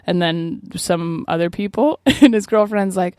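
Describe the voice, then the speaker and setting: A woman's voice: fairly low pitch, a little slow, a little mellow, clean tone, no echo, clean studio sound. A woman co-hosting a podcast, telling a story in casual chat, laughing often and swearing freely. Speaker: podcast co-host.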